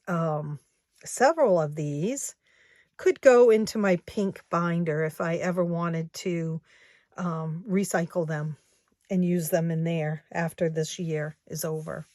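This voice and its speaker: A woman's voice: on the low side, a little mellow, no room sound, studio quality. A woman in her sixties, a craft shop owner chatting casually to her viewers, rambling and often going back to correct herself. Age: 60s.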